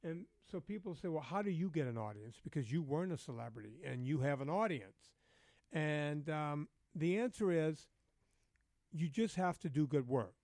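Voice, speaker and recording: A man guesting on a podcast, talking bluntly and profanely in a lively, storytelling way. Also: on the high side, moderate pace, vocal fry, no echo, studio quality. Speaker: guest, fitness trainer. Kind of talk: casual podcast chat.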